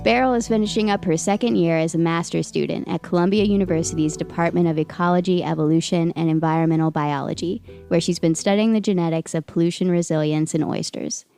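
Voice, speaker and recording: A woman hosting a podcast, reading a measured scripted outro and credits. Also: on the low side, darkish tone, clean tone, no echo, clean studio sound. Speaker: podcast host.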